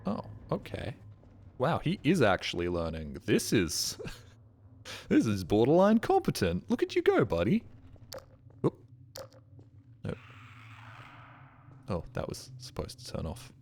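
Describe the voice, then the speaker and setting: Male game streamer, sarcastic, swings between mutters and shouts, lively pitch, noisy mic with clicks. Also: a little slow, pauses often. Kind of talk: live gameplay commentary.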